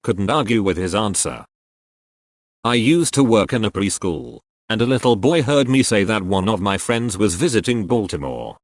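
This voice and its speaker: A man reading short anecdotes aloud in a steady, matter-of-fact way. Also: on the low side, moderate pace, no room sound. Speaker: narrator reading online posts.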